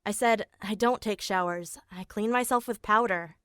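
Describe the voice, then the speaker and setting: The voice of a young teenage girl, as a woman reads her part tells her tale in an animated story, plain and matter-of-fact. Her pitch sits in the middle. The studio sound is close and dry. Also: moderate pace, smooth, dry recording, lightly acted. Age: young adult. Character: eighteen-year-old girl telling her own story. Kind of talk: scripted first-person narration.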